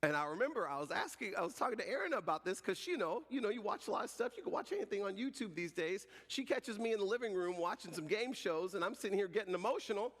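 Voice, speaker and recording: Pastor, male, 40s, lively jokey storyteller, slightly high voice, long hall reverb. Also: fast talker. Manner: animated, joking storyteller. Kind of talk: sermon.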